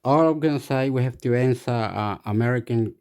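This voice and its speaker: A man's voice: mid-range voice, brisk, a little mellow, clean tone. A man giving rambling, repetitive casual commentary on the news, swearing and acting out what others said.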